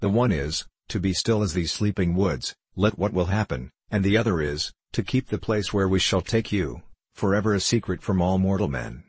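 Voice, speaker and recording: A man's voice: deep voice, animated, moderate pace, husky, no echo. A man reading aloud, voicing a grave, commanding frontier scout in an audiobook. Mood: urgent. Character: stern gruff frontier scout, older man.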